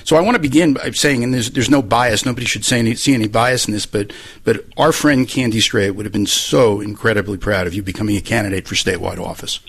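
A man's voice: fairly low pitch, quick pace, vocal fry, few pauses, a bit bright, breathy edge. A male talk radio host interviewing a guest, often stammering and repeating words as he restarts.

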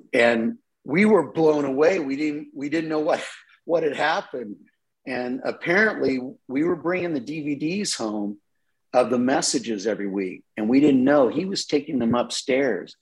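A man's voice: medium pitch, poor audio. A middle-aged man, a pastor, telling a personal testimony in an interview, earnest and with frequent repeated words. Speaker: associate pastor.

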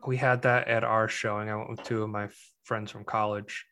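A man's voice: lowish voice, flat delivery, a little fast, bright, forceful tone, smooth. A young man co-hosting a casual movie podcast, rambling with restarts and dry, exasperated asides. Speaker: podcast co-host.

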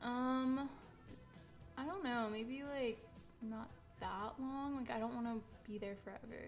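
A woman's voice: on the high side, fairly even intonation, measured pace, faint music behind. A young woman in her twenties co-hosting a podcast in casual, giggly chat. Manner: giggly, chatty, trailing off. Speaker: podcast co-host.

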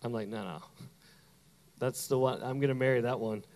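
A man from Canada preaching a sermon, telling a personal story with animated delivery and acted-out quotes. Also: medium pitch, quick pace, in a large hall. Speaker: pastor.

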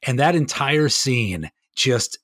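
A man's voice: mid-range voice, animated, slow pace, fairly bright tone, no echo, studio quality. A man guesting on a podcast, telling stories in casual chat with rambling enthusiasm and frequent laughs.

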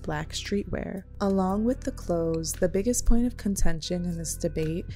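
A woman reading a scripted commentary video essay in a measured, critical, plain-spoken way. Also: lowish voice, warm tone, soft background music.

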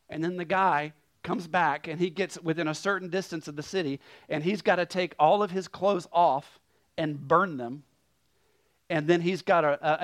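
A male guest pastor preaching a sermon, telling a story with lively swings between loud emphasis and hushed asides. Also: fairly high pitch.

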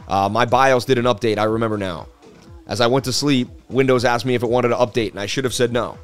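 A man's voice: mid-range voice, fast talker, clear, resonant tone, soft background music. A middle-aged man hosting a casual crypto live stream, chatty, with a sports-presenter delivery. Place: traveling.

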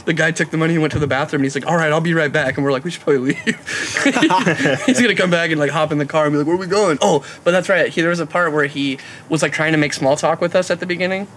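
A young man with a fairly high voice tells a story in casual chat. He acts out the other people's lines and laughs often. Faint background noise sits under the recording. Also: fast, hardly any pauses. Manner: animated, laughing, acts out quotes.

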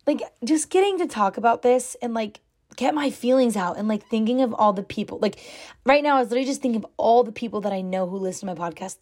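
This young woman hosts her own podcast, and her voice sits on the high side with a darkish tone. In a casual solo chat, she gushes to listeners and packs her sentences with "like."

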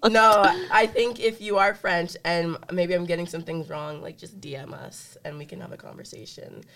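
A woman's voice: fairly low pitch, fairly even intonation, moderate pace, fairly bright tone. A young woman co-hosting a podcast in casual chat, playful and talkative, with lots of "like" fillers. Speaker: podcast co-host.

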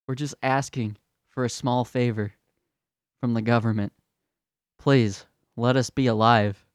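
A man's voice: medium pitch, fairly even intonation, unhurried, no room sound, clean studio sound. A slightly drunk man hosting a podcast, delivering a fiery, profane, sarcastic political rant. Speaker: podcast host.

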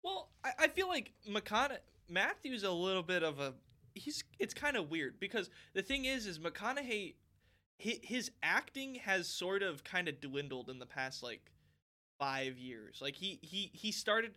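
A young man co-hosting a podcast in casual chat, rambling with lots of fillers and getting loud when excited. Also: sits high, moderate pace. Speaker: podcast co-host.

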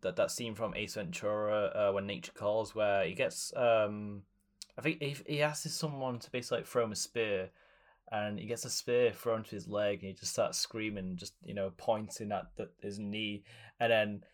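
Man, fairly low voice, podcast co-host, hesitant film chat, lots of ums. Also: fairly even intonation, moderate pace. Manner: hesitant, many fillers and restarts, jumps up in pitch.

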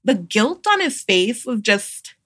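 A young adult woman, a midwife guest on a podcast, telling a personal story in a casual, animated way and acting out the voices of others. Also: on the high side, slow, dry recording, studio quality. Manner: animated, acts out quoted voices, laughs often.

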